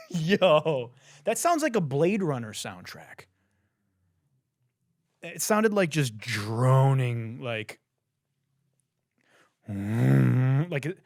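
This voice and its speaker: A young man hosting a podcast in casual, profane chat, telling stories animatedly and swinging between hushed and loud. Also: fairly high pitch, no room sound, studio quality. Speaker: podcast host.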